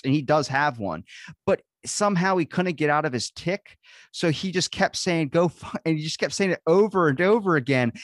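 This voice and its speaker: A man's voice: on the high side, fairly quick, dry recording, studio quality. A man hosting a podcast, telling rambling stories in casual chat, swearing a lot and acting out quotes. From grew up in a beach town. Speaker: podcast host.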